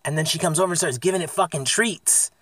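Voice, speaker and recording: A man's voice: fairly high pitch, fast talker, a bit bright, dry recording. A man from the US East Coast, telling a casual, rambling, profanity-laced story in a van-life vlog recorded on his phone inside a parked van. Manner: rambling, profane, laid-back.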